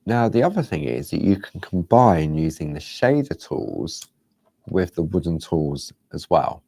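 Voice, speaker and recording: A man hosting a craft show, chatting casually and rambling a little as he demonstrates, sometimes dropping to a soft near-whisper. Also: low-pitched, very animated, measured pace, gravelly, breathy edge, no room sound.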